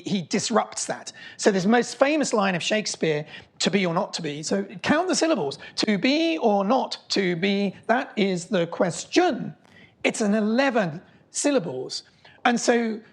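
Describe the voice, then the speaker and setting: A middle-aged man gives a public talk in a lecture hall. He speaks with eager enthusiasm, often stumbling and restarting as he builds up each story. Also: high-pitched. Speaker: mathematician giving a public talk. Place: lecture hall before an audience.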